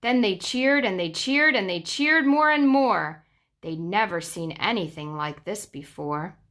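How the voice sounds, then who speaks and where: A woman's voice: mid-range voice, animated, a little slow, fairly bright tone. A young woman reading a rhyming children's book aloud in a sing-song manner, with dramatic drops. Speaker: storyteller.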